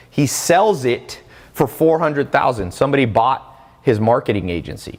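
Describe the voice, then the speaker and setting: A man giving a casual, energetic motivational talk about earning money, with sudden rises in pitch on key points and quoted people acted out. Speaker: online business coach. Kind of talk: motivational monologue.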